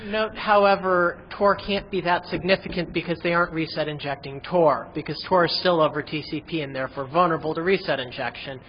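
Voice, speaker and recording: Researcher guy on a panel, dry self-mocking jokes, slightly high voice, echoey hall sound. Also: brisk, few pauses, a little hiss or hum. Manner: wry, self-deprecating. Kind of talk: casual panel discussion. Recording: dull recording in a reverberant hall.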